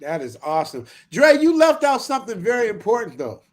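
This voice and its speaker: Man, very high voice, playful teaser, lively intonation. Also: fairly quick. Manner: playful, teasing, laughs often. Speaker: guest on a live stream. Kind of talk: casual chat.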